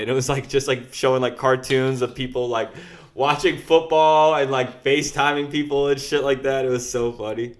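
A man in his late twenties co-hosting a casual sports podcast, joking around with quick swings between mumbling and loud outbursts. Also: medium pitch, steady tone. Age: late 20s. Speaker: podcast co-host.

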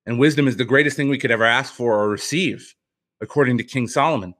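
A former pitcher and author, appearing as a podcast guest, tells a personal story earnestly and reflectively, often restarting his sentences. He speaks at a quick pace in a slightly bright voice.

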